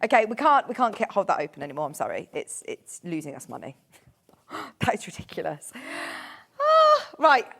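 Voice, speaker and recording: A woman's voice: mid-range voice, huge pitch swings, moderate pace, pauses often, fairly bright tone. A woman presenting fabrics on live shopping television, chatty and bubbly, laughing often.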